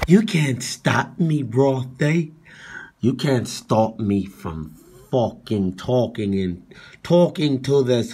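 A man's voice: medium pitch, darkish tone. A man on a livestream ranting in a mocking, profane, heckling way.

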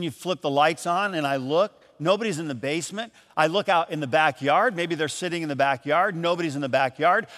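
A man from Michigan preaching a sermon as pastor, telling a story in a lively, animated way and acting out the voices in it. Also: on the high side, long reverb tail. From Michigan, USA. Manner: storytelling, animated, acts out calls and quotes. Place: church.

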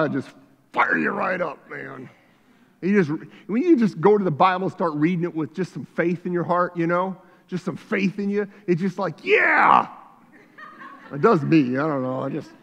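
A man preaching a sermon as pastor, shifting between quiet reflection and loud fervor, recorded in a church sanctuary. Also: high-pitched, very animated, moderate pace, gravelly, muffled recording. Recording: church hall reverb.

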